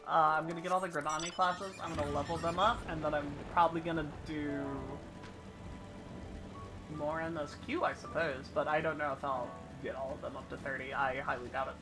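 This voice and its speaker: A woman's voice: deep voice, steady tone, brisk, music in the background. A woman streaming a video game live, chatting casually and thinking aloud about her plans, swearing now and then.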